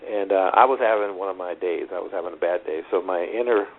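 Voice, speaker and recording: A man's voice: low-pitched, fast talker. A middle-aged man, a tennis coach, telling stories earnestly in a phone interview, rambling with restarts. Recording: tinny phone line with faint hiss.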